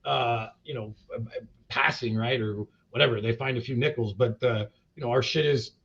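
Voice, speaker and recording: Gravelly guy rambling and cursing, lots of "you know", muffled podcast sound. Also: medium pitch, normal speed, fairly bright tone. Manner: blunt, profane, rambling with many fillers. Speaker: cannabis company CEO, interview guest. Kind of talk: casual interview talk. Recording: dull lo-fi podcast audio.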